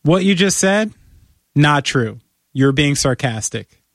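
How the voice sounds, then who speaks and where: Animated, persuasive man on a podcast. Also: slow, no echo, clean studio sound. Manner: animated, playfully persuasive, talks in long run-on pitches. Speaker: podcast co-host. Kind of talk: casual podcast chat.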